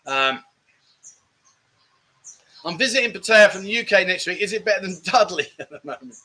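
A man's voice: high-pitched, lively intonation, moderate pace, sharp tone. A middle-aged British man hosting a casual live-stream chat show, reading viewer comments in a jokey, rambling way and calling people mate.

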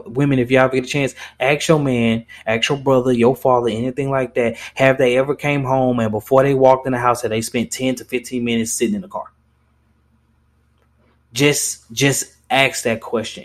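A young man hosting a podcast, talking in a blunt, impassioned way with lots of swearing and restarts. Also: medium pitch. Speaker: podcast host. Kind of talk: casual podcast monologue.

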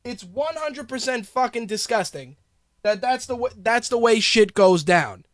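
High-voiced guy ranting on his podcast, swearing a lot, sarcastic, dry close mic. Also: lively intonation, a little slow, dry recording. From Hispanic background. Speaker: podcast host. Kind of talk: ranting casual commentary.

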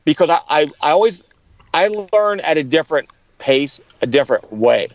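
A middle-aged man with a fairly high voice tells his story, acting out the people he quotes. The recording is dry and a little dull. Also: expressive, normal speed, no room sound. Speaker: guest. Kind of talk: storytelling in an interview.

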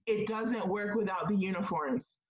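A woman's voice: mid-range voice, normal speed, a little hiss or hum. Woman co-host, blunt and emphatic, roomy and slightly dull audio. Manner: emphatic, blunt, laughs readily. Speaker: podcast co-host. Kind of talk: casual movie review chat.

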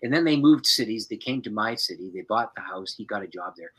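A man who is a pastor, telling a personal story as a podcast guest in an animated way and chuckling often. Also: on the low side, a little fast, slightly rough, poor audio.

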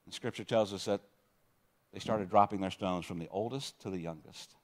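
A man's voice: deep voice, moderate pace. Man preaching a conversational sermon. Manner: conversational preaching with frequent restarts, reads scripture aloud. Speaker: pastor.

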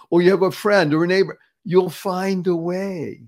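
A man's voice: sits high, fairly even intonation, moderate pace, a little mellow. A man in his seventies from the Boston area, talking as an interview guest in an emphatic, upbeat motivational style, repeating words for effect and laughing often. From Boston area, USA. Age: 70s.

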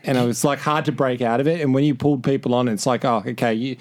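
Halting, self-deprecating young man chatting. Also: mid-range voice, fairly even intonation. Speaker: radio host, guest. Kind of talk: casual podcast chat.

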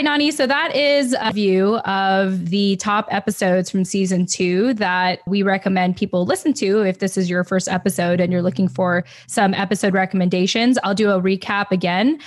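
Bubbly young woman podcast co-host. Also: mid-range voice. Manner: bubbly, laughs often, reads listener reviews aloud. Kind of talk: casual podcast chat.

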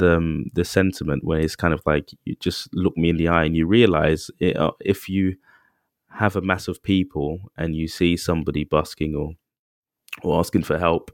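Low-voiced man chatting loosely. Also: no room sound, clean studio sound. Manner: rambling, many restarts and fillers, acts out quotes. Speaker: podcast co-host. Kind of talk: casual chat.

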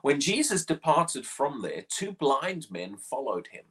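A man's voice: mid-range voice, sing-song, a little slow, fairly bright tone, breathy edge. A man preaching a short morning devotional, earnest and questioning, often repeating words as he presses a point.

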